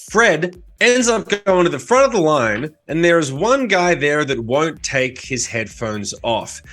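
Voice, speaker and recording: Dude co-hosting a podcast, fairly high lively voice, dry jokes, faint music under. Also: male voice. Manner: wry, reacting, quick banter. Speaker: podcast co-host. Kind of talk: casual podcast chat.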